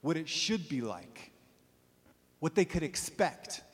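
Preacher in a reverberant hall. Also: male voice, very animated, slow, slightly rough. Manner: swells loud and high for emphasis, then drops low and quiet. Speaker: pastor. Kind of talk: sermon.

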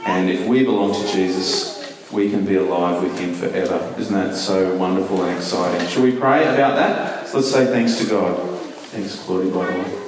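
A man's voice: low voice, moderate pace, a crowd in the background. Man telling children a story in an echoey hall. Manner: lively, questioning storyteller to children. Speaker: children's talk leader at church. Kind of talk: children's Easter talk. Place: large church hall. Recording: echoey hall, mic at a distance.

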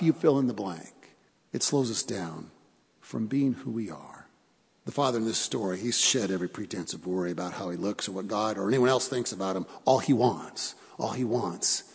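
Man, pastor, sermon, fairly high voice, husky, earnest, long church reverb. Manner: earnest, repeats phrases for emphasis, asks the congregation questions.

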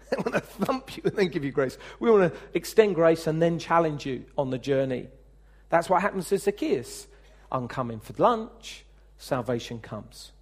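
A man's voice: a little high, normal speed. A man preaching a sermon as pastor, talking conversationally, asking the congregation questions, and acting out the speech he quotes. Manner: lively, acts out quoted speech.

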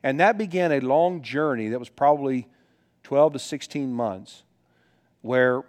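A middle-aged male pastor delivers a sermon in an earnest, conversational manner. His voice sits at an everyday pitch, and he drifts into personal stories, often restarting his sentences as he goes. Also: unhurried, darkish tone.

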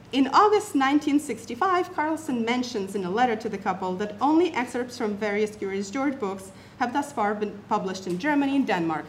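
Animated woman reading a paper aloud. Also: medium pitch, a little hiss or hum. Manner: animated, sets off quotations with emphasis and asides. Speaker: academic presenter.

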